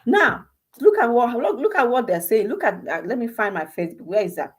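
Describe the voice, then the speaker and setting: A woman's voice: a little high, lively intonation, fairly quick, breathy edge. Impassioned Nigerian woman with rhetorical questions. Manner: rhetorical questions, many restarts, switches into Igbo. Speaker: commentator on a personal channel. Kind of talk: impassioned monologue.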